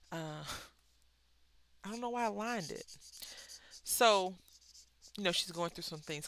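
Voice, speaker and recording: A coloring channel host chatting casually while coloring, rambling, correcting themselves and offering gentle encouragement. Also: medium pitch, vocal fry.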